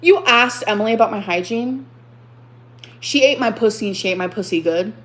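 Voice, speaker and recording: A woman's voice: a little high, fairly quick. Agitated woman ranting on a live stream. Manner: agitated, repeats herself, swears. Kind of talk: emotional live stream rant.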